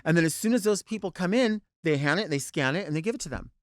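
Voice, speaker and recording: A man's voice: on the high side, expressive, fast, dry recording, clean studio sound. A man hosting a podcast, telling a long exasperated story and acting out both sides of it. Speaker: podcast host, drag performer. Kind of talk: animated storytelling rant.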